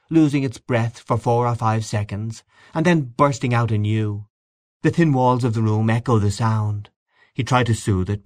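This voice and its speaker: A man narrates a classic short story in a steady, measured manner. His voice sits on the lower side. The recording is dry, with no room echo. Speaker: audiobook narrator. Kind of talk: scripted literary narration.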